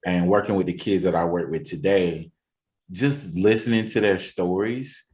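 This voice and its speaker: A man with a fairly low voice hosts a relaxed podcast conversation. He talks earnestly and leans on repetition to drive his points home. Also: normal speed. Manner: earnest, emphatic, repeats phrases for stress. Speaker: podcast host and counselor. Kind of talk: casual podcast chat.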